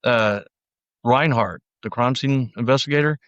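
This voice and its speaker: A middle-aged man, a former deputy, recounting his past in a casual conversational interview, often quoting others and trailing off quietly. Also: medium pitch, unhurried, no echo, highs cut off. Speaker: podcast guest, former sheriff's deputy.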